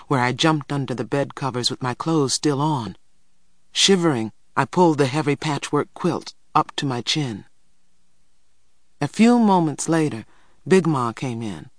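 A man reading a first-person story aloud in a measured, quiet way. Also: medium pitch, no room sound, studio quality. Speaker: audiobook narrator. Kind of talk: scripted first-person narration.

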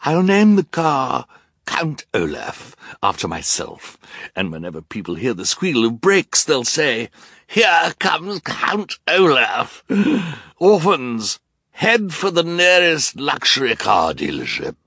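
A man's voice: medium pitch, sing-song, takes it slowly, pushed and bright, breathy edge, dry recording, clean studio sound, pitched above the performer's own voice, exaggerated voice. A male audiobook narrator voicing a boastful, scheming villainous man who growls and sneers. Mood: sneering. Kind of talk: audiobook character voice.

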